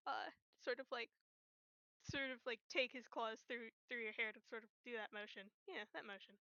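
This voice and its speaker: A woman with a high, bright voice narrates her character in a casual tabletop role-play, rambling and often restarting her sentences. The recording is muffled and lo-fi, with a dry, close sound. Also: moderate pace, smooth, no room sound. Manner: rambling, self-correcting. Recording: dull lo-fi, dry.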